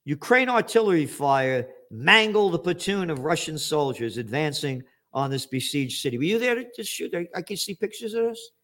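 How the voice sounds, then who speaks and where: A man delivering a political commentary rant, sarcastic and profane, rising to angry shouts. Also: on the high side, very animated, moderate pace, hardly any pauses.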